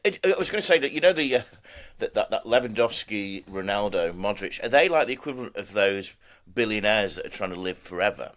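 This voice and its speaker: A man's voice: fairly low pitch, animated, quick pace, few pauses, fairly bright tone. A man on a podcast panel making jokey remarks, stammering as he starts. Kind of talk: casual panel chat.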